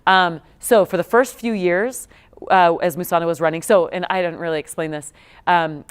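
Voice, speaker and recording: A woman's voice: fairly low pitch, steady tone, normal speed, smooth. A woman in her thirties giving a talk to students, telling stories in a chatty way with many fillers and restarts. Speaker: guest speaker, nonprofit co-founder. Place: lecture room.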